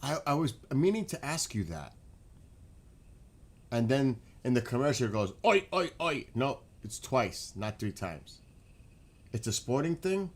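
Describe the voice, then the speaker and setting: A man hosting a casual livestream, chatting with viewers by name and getting excited as he asks them questions. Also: medium pitch, a little slow, long pauses. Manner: chatty, talks to chat by name, gets excited and laughs. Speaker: livestream host.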